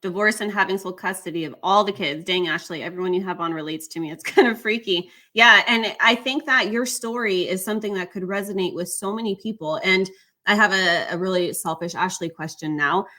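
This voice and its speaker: A woman hosts an interview in an enthusiastic, affirming way. Her voice is bright and lowish, with a forward edge. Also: fairly quick. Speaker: podcast host. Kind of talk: interviewing a guest.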